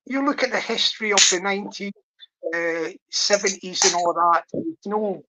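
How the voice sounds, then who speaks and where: A man's voice: high voice, normal speed, sharp tone. A man hosting a casual livestream, talking in a hesitant, rambling way with many restarts. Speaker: livestream host. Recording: dry lo-fi stream audio.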